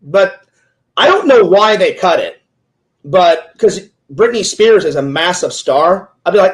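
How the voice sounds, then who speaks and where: A man's voice: sits high, sing-song, unhurried, low-quality recording. A man hosting a casual interview, playful and joking, telling long rambling stories. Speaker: interview host, Twitch streamer. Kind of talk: casual chat.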